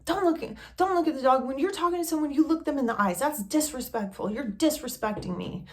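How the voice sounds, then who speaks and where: A woman voicing her manic, furious female friend with shrill, demanding outbursts. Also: normal speed, a little mellow. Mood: angry.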